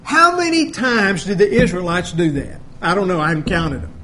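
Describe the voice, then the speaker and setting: A man preaching a sermon in a plain, folksy, conversational way, with a notably high voice for a man. He walks through scripture and acts out the voices of the people he quotes. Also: big pitch swings, normal speed, pushed and bright, a little hiss or hum. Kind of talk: sermon, Bible teaching.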